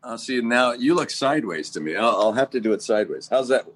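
A man talks as a guest on a podcast through his phone on a video call. He chuckles often and keeps a relaxed, self-deprecating tone. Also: mid-range voice, quick pace. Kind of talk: casual podcast chat. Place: home without power.

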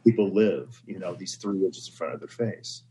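Low-voiced, reflective man. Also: moderate pace, warm tone, a little hiss or hum, rough recording. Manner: reflective, earnest, storytelling. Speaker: podcast guest. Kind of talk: casual conversation.

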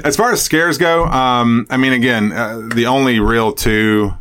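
A man co-hosting a podcast, chatting casually about a classic film, animated and laughing, with frequent restarts. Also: medium pitch, unhurried. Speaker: podcast co-host.

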